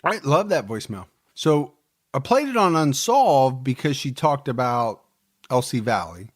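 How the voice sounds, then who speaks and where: A man's voice: mid-range voice, big pitch swings, measured pace. A man hosting a podcast, chatting casually and easygoing with his co-host. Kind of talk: casual chat.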